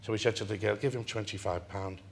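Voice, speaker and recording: An older man from England, a talk-show guest telling a long story in an animated way and laughing through it. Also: on the low side, quick pace, vocal fry. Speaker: interview guest. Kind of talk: anecdotal storytelling.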